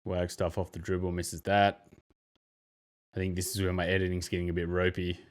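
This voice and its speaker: A young man with a very low voice hosts a casual basketball podcast. He reviews game clips, animated and full of exclamations. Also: brisk. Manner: animated, bursts into loud mimicry and exclamations. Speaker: podcast host.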